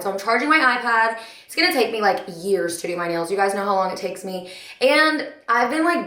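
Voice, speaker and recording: A woman's voice: medium pitch, a bit bright, echoey room. A young woman chatting through a casual reading vlog in a chatty, dramatic, self-mocking way while doing her nails at home. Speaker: book vlogger.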